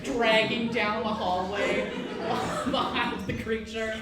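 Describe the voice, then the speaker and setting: A high-voiced woman narrating a live tabletop game as dungeon master, playful and laughing through her descriptions. She speaks unhurriedly over an echoey stage thick with room noise. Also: little pitch movement, takes it slowly.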